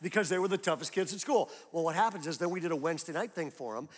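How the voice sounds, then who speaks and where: Animated, high-voiced male pastor preaching. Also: quick pace, slightly rough. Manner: storytelling, building to loud emphatic peaks. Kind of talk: sermon. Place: church auditorium.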